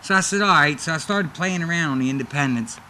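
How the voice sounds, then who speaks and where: Male storyteller, animated, mimics quoted voices; bright tone, faint noise. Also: fast talker. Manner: animated, acts out quoted voices with big pitch jumps. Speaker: wrestler telling career stories. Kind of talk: casual interview storytelling.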